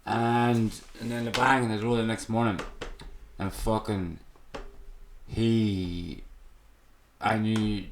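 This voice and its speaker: A man's voice: on the low side, little pitch movement, takes it slowly, long pauses, background noise. An Irish man telling his own story as a podcast guest, raw and emotional and swearing constantly. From Ireland. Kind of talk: candid personal storytelling. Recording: echoey room.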